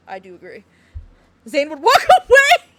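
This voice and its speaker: A woman in casual live-stream chat from home, her voice sitting high. She rambles, giggles often and turns to address her chat as she goes. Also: wildly swooping pitch, moderate pace, background noise.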